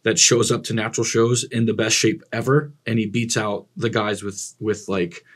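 A man's voice: lowish voice, level tone, moderate pace, slightly rough. A man who coaches bodybuilders, talking bluntly and enthusiastically in a casual podcast chat, with plenty of swearing.

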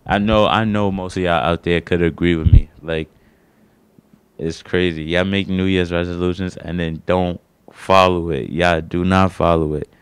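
A man's voice: deep voice, steady tone, normal speed, smooth, dry recording. A young man doing his first stand-up set on a small studio stage, rambling and slangy, poking fun at himself. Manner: slangy, rambling, self-deprecating. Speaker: stand-up comedian.

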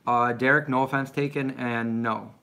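A man's voice: medium pitch, steady tone, moderate pace, pushed and bright. A middle-aged man rambling casually as he answers viewer questions on a live stream. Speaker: vlogger answering live chat.

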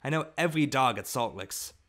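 A man's voice: mid-range voice, expressive, fairly quick, fairly bright tone, lightly acted. A man reading an audiobook, voicing a stubborn, protesting frontier boy. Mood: insistent.

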